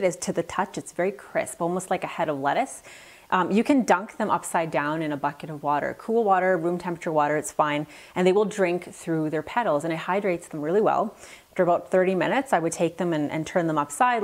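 At her work table in a flower shop, a woman florist gives a friendly, practical, step-by-step demonstration as an instructor, sharing tips along the way. Her voice is on the low side and a little mellow.

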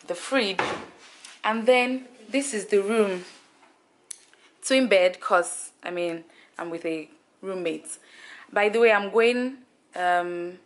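A young woman from Nigeria chatting playfully to her handheld camera as she shows off her hotel room and tour day. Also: on the low side. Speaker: travel vlogger. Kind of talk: casual vlog narration.

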